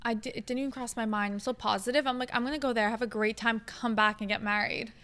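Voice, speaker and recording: A woman's voice: fairly high pitch, steady tone, fast talker, fairly bright tone. A young woman co-hosting a podcast in a casual, upbeat chat, with a lot of "like". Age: young adult. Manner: upbeat, chatty, frequent "like". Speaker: podcast co-host.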